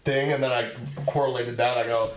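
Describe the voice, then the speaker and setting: A man's voice: medium pitch, level tone, a little fast, slight background noise. A man hosting a podcast, telling a long story in casual chat, rambling and laughing as he goes. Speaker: podcast host. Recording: roomy echo.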